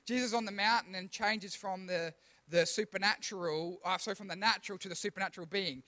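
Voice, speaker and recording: Youth pastor, high voice, chatty slangy preaching with lively retold dialogue. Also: male voice. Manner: slangy, animated storytelling with quick asides. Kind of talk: casual youth sermon.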